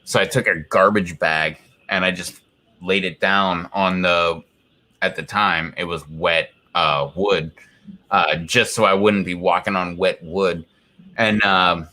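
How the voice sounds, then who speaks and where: A man's voice: low-pitched, fairly even intonation, takes it slowly, bright, forceful tone. A man chatting casually on a live stream from his home, rambling through a story with lots of fillers. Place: home, indoors.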